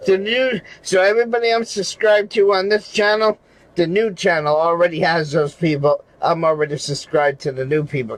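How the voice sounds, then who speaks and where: This is a man's high-pitched, slightly bright voice, recorded poorly with no room sound. He's a regular panelist on the show, talking casually on a livestream, cursing, laughing between phrases and repeating his point again and again in a rambling way.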